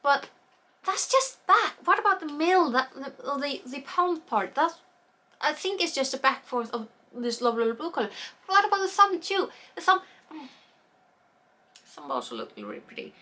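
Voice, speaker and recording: A woman's voice: high-pitched, big pitch swings, moderate pace, pushed and bright. A woman chatting casually about knitting projects, rambling, losing her words and trailing off with fillers. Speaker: knitting vlogger.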